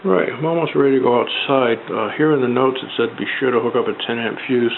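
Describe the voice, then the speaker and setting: A man's voice: mid-range voice, steady tone, fast talker, vocal fry. A man with a New England accent casually narrating a DIY build, rambling as he works with his hands. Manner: rambling, talks while working with his hands. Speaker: hobbyist builder. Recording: tinny phone-like audio with faint noise.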